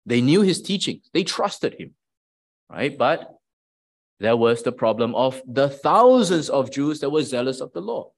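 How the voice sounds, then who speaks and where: Medium-pitched and a little slow, this preacher's voice is sing-song with noticeable vocal fry. He teaches conversationally through his sermon, often pausing to ask "right?" of his audience.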